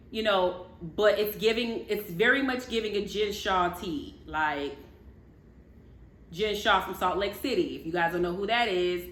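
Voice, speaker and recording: Woman, casual gossip vlogger, chatty, lively swooping pitch, roomy echo. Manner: animated, addresses viewers as y'all, laughs often. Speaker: commentary vlogger.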